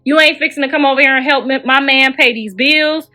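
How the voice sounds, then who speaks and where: Middle-aged woman, livestream host, blunt profane rant, slightly high voice, phone mic. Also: brisk, sharp tone. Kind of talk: ranting livestream chat.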